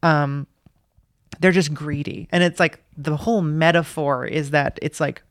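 Smooth-voiced man chatting about movies. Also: on the high side, steady tone, a little slow, no echo, clean studio sound. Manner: rambling, filler-heavy, laughs often. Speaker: podcast co-host. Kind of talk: casual chat about movies.

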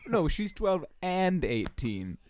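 A man playing an eccentric, creepy 94-year-old widower on a comedy podcast, rambling slowly in a deadpan way. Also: high voice, exaggerated voice. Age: 90s. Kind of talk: improvised comedy podcast character.

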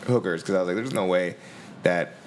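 A man's voice: low-pitched, brisk, slight background noise. A man who does comedy gigs, chatting casually and mocking himself, laughing through his lines. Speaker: comedian host. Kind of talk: casual chat.

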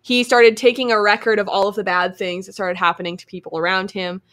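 A woman's voice: medium pitch, little pitch movement, a little fast, a bit bright. Chatty woman hosting a podcast. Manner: chatty, giggly, runs the segments. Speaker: podcast host. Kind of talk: casual podcast chat.

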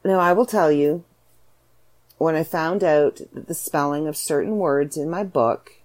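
Chatty low-voiced Canadian woman. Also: measured pace. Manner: chatty, animated storytelling with voiced asides. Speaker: podcast host and author. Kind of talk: casual solo podcast monologue.

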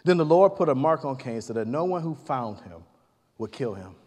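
A man's voice: medium pitch, big pitch swings, moderate pace, darkish tone. A man preaching a sermon, retelling the scripture stories in casual speech and acting out the characters' lines. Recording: long hall reverb.

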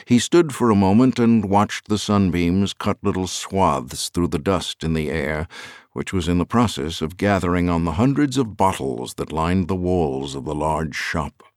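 A man narrating an audiobook in a measured storytelling manner. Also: low voice, lively intonation, no echo, clean studio sound.

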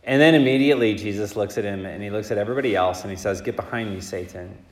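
A man reads the gospel aloud and then preaches a homily in a relaxed, chatty way with plenty of fillers. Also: on the low side, fast. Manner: casual, conversational preaching with many fillers. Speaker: priest. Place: church. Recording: echoey church with long reverb.

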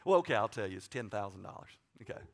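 A middle-aged man preaching a sermon, folksy and joking, swinging from loud to quiet asides. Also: lowish voice, lively intonation, rapid-fire, gravelly. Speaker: pastor.

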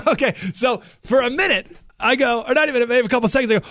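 An American man hosting a talk radio show, delivering a lively monologue with sudden loud and hushed emphasis. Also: extremely high pitch, fast, no room sound, clean studio sound. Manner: animated, swings between loud and hushed emphasis.

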